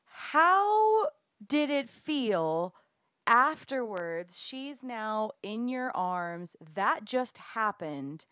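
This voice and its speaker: A woman hosting an interview, asking gentle questions and reacting with exclamations. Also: fairly high pitch, big pitch swings, very slow, clear, resonant tone, no echo, clean studio sound. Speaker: podcast host.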